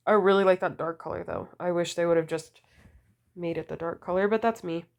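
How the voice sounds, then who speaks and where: A woman vlogger chatting casually about nail polish, gushing and full of fillers, her voice deepened and a bit slurred from a cold. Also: steady tone, a little fast. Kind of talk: casual wishlist chat.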